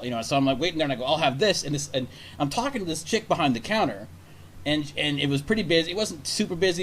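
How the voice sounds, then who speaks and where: A man hosts a casual talk show, rattling off a rambling story at a quick clip and swearing freely. His pitch sits in an ordinary middle range, and a faint hum of ambience runs underneath. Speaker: radio show host.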